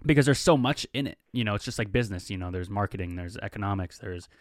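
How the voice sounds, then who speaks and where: A man's voice: fairly low pitch, animated, fast talker, dry recording, clean studio sound. A man hosting a casual chat, talking reflectively with loose fillers.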